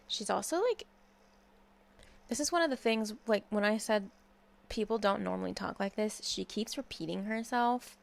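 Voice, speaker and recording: Blunt, sarcastic young woman with vocal fry. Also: mid-range voice, moderate pace, no echo. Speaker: commentary YouTuber. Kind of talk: casual commentary rant.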